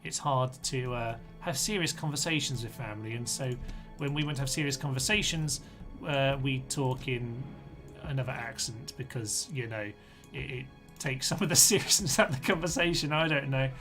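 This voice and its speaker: A man's voice: mid-range voice, normal speed, over music. An Englishman streaming a strategy game live, thinking aloud in a chatty way and talking to his own units. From England.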